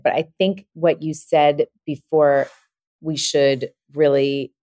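Low-voiced woman podcast host, dry sound. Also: level tone, slow, dark tone, no room sound. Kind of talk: conversational interview.

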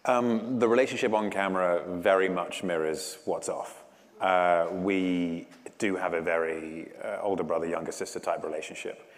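A man in his thirties, an actor, chatting in a relaxed, self-deprecating way in an interview and laughing often. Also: low voice, moderate pace. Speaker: actor guest. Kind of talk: casual promotional interview. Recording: roomy reverb.

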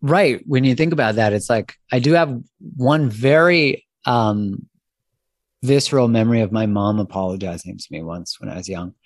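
Earnest low-voiced male podcast host. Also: dry recording. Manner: earnest, thoughtful, halting. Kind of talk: casual podcast conversation.

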